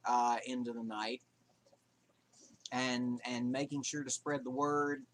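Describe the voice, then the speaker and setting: A man hosting a livestream, talking in a calm, dry way with wry remarks. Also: medium pitch, takes it slowly, a little hiss or hum. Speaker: livestream host. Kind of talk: casual livestream chat.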